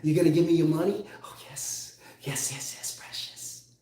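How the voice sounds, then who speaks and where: A man's voice: a little high, little pitch movement, normal speed, darkish tone, natural voice. Guy doing a whiny groveling creature begging for the sale, hissy and pleading, lots of room echo. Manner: wheedling, pleading, hissing. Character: groveling creature-like beggar of a salesman.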